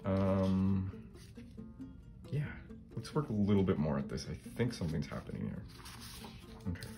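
Man, middle-aged, very low voice, chatty craft demo, thinks aloud, soft music underneath. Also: lively intonation, normal speed, gravelly. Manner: thinks aloud, often adds a questioning "right?". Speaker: collage artist and channel host. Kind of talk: casual craft demonstration.

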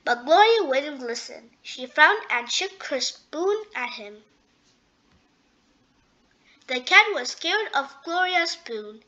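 A woman reading a children's storybook aloud, gentle and expressive. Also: sits high, takes it slowly, pauses often, dull audio. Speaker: storybook reader. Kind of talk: children's read-aloud narration.

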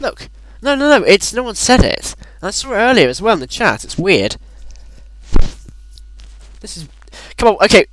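A man chatting excitedly while playing a game, laughing often and swearing when flustered. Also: sits high, moderate pace, pauses often, a little hiss or hum, low-quality recording. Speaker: player. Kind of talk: casual gaming chat.

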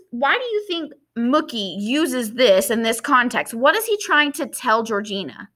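A woman's voice: on the high side, pushed and bright. A woman teacher with a Southern accent reading a novel aloud to her class, stopping to explain and asking the students questions in a patient way.

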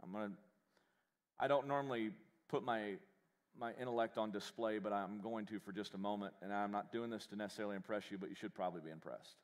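A man preaching a live sermon as pastor in a church, animated and joking, with self-deprecating humor. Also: fairly low pitch, fast talker, big-room sound. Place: church sanctuary.

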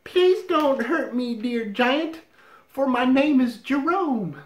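A man voicing a small, timid male mouse who pleads sweetly in a squeaky voice. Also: expressive, slow pace, reverberant, a little hiss or hum, full character voice. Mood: pleading.

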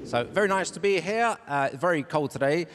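A man performing a deadpan stand-up routine as an impressionist comedian. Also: a little high, fairly quick, big-room sound. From Italian heritage. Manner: deadpan setups, switching into voices and accents. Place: large theatre stage with a cheering audience. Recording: loud live crowd and noise.

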